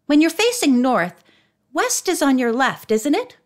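A woman's voice: high-pitched, sing-song, pitched above the performer's own voice. A woman reading an audiobook, voicing an eager, restless teenage girl. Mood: puzzling. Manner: eager, quick to complain.

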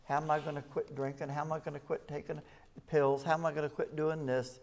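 A man's voice: fairly high pitch, level tone, quick pace, gravelly. A man preaching an evening sermon at a rescue mission, talking plainly to the congregation and reading scripture aloud with rising emphasis.

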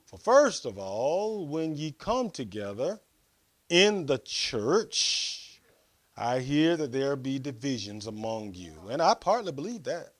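A man's voice: medium pitch, big pitch swings, slow. A male pastor preaching a sermon, reading scripture aloud, adding comments and giving the congregation instructions.

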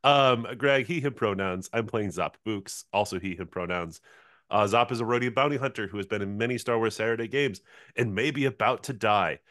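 A man's voice: lowish voice, a little fast, fairly bright tone, no echo, clean studio sound. A man playing in a tabletop game, recapping his character casually, rambling with many fillers and laughing. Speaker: player. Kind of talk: casual role-play recap.

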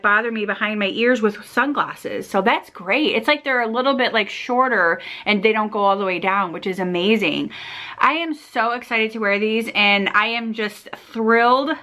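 A woman vlogger chatting casually as she opens fan mail, gushing and excited, rambling with fillers. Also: a little high.

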